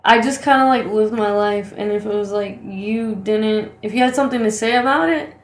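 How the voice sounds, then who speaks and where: A woman's voice: mid-range voice, normal speed, a little hiss or hum. Woman, podcast co-host, casual chat, frank, easygoing, roomy echo.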